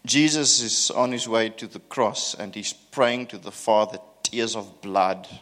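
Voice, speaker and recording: Animated, joking male preacher. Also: lowish voice, a little slow. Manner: animated storytelling with self-mocking humor. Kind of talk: sermon.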